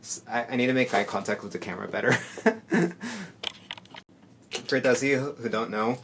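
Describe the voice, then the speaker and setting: A soft-spoken man in casual reaction commentary, rambling with many fillers and sounding tired. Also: fairly low pitch, fairly even intonation, rapid-fire, background noise. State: tired from lack of sleep. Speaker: musician reacting to music. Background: faint music playing.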